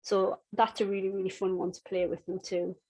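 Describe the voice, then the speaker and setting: A middle-aged woman giving a dog-training webinar in a chatty, conversational way, with frequent restarts and lively bursts when acting out games. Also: medium pitch, fairly quick, poor audio. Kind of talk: webinar teaching.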